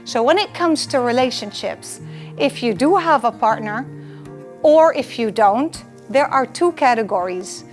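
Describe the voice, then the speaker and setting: A woman's voice: a little high, lively intonation, unhurried, faint music behind. A woman giving a live lecture to students, earnest and emphatic, driving home her points by repeating them. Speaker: lecturer on personal well-being.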